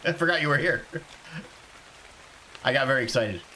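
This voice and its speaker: A man from South Carolina streaming a survival game live, chatting excitedly and greeting viewers by name. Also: medium pitch, unhurried, slight background noise. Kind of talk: casual live game commentary.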